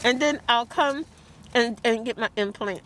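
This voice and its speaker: A woman vlogging in a heated, tearful rant, talking fast and quoting others. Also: on the high side, a bit bright, slight background noise. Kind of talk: emotional vlog rant.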